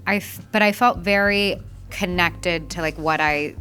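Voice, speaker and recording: A woman's voice: lowish voice, measured pace, bright, forceful tone, faint music behind. A woman in her thirties, a guest chatting casually over a meal, laughing often and trailing off into restarts. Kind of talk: casual chat over food.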